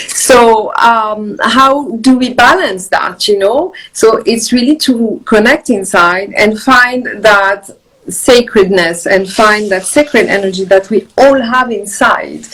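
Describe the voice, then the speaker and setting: A woman's voice: medium pitch, takes it slowly, fairly bright tone, poor audio. A woman with a French accent on a video call, talking earnestly about balance and meditation, repeating words as she goes. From France. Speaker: guest, wellness author. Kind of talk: casual video chat on meditation. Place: countryside home.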